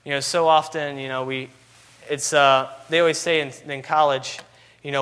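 A man's voice: fairly high pitch, fairly even intonation, moderate pace, pushed and bright, smooth. A man preaching a sermon, asking repeated rhetorical questions with constant "you know" fillers.

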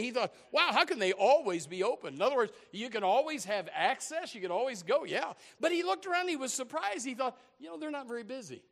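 A man's voice: high voice, fairly bright tone. A man preaching a sermon as a folksy story, with many repeated restarts.

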